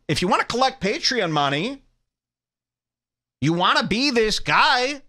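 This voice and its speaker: A man's voice: high-pitched, sing-song, moderate pace, bright, forceful tone. A man hosting a podcast, ranting in a mocking, bombastic comedic way. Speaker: podcast host. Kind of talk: provocative comedic rant.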